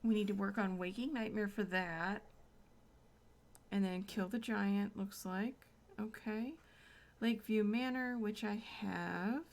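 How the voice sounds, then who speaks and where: A woman streaming a game at home, chatting excitedly and murmuring to herself as she plays. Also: medium pitch, a little slow. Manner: excitable, chatty, drifts into soft murmurs while playing. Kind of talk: casual gameplay commentary. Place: home room.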